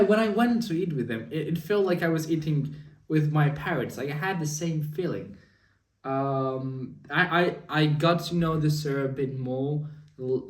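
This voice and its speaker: A young man rambles through a weekly diary story full of fillers and restarts. His voice sits a little high. He sounds set back from the mic in an echoey room. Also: distant mic. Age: young adult. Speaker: vlogger. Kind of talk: casual spoken diary.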